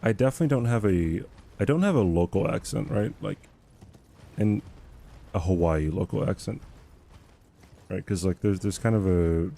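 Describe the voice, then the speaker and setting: A man's voice: on the low side, moderate pace, gravelly, pauses often, mellow. A young man livestreaming a game, chatting in a rambling, self-deprecating way and laughing often. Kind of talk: casual chat while gaming.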